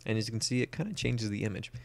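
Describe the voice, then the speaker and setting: A man's voice: fairly low pitch, very fast, gravelly. A young man talking casually through a photo editing tutorial, explaining each step with plenty of "uh" and "um". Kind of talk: screen-recorded software tutorial.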